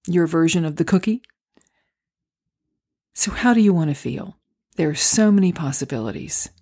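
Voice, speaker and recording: A woman hosting a solo podcast, talking through acting auditions in a gentle, encouraging, unhurried way. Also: on the low side, lively intonation. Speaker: podcast host and acting coach. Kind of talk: reflective solo podcast talk. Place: home, recorded near a street.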